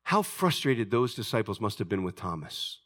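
A man preaching with dramatic swings in loudness and pitch, rising into near-shouted high passages and then dropping to quiet, low tones. He acts out the voices of people in his stories as he preaches. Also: very animated, moderate pace. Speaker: pastor. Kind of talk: sermon.

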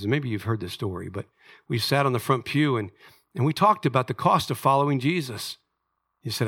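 A middle-aged male pastor delivering a sermon with a bright, clear voice. His preaching is earnest and conversational, and he reads scripture passages aloud. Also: medium pitch, expressive, a little fast.

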